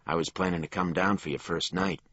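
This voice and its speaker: A man voicing a blunt, hard-edged male detective in an audiobook, threatening in a flat tough way. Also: sits low, fast, no room sound, highs cut off, pitched above the performer's own voice. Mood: wry. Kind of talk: audiobook character voice.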